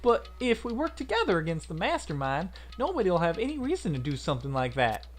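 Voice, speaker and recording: A sunny Southern teen girl with a bright, folksy twang, as a man puts her on. She talks loud and upbeat, her voice leaping high and swinging widely. She is a character in a game playthrough. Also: huge pitch swings, fast, faint music behind, full character voice. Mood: indignant. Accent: Southern US put-on.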